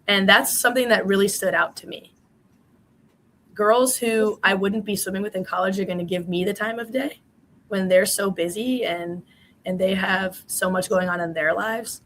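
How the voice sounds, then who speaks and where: A woman in her twenties who swam in college answers interview questions chattily, with many fillers. Her mid-range, fairly bright voice is steady and at normal speed, over a low-quality recording with a little hiss or hum.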